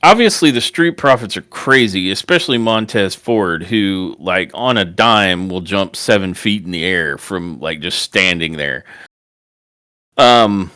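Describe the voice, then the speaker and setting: A man co-hosting a podcast, recapping a wrestling match in relaxed, casual chat with frequent "like" and "um". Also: low voice, a little slow, no room sound, studio quality. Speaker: podcast co-host.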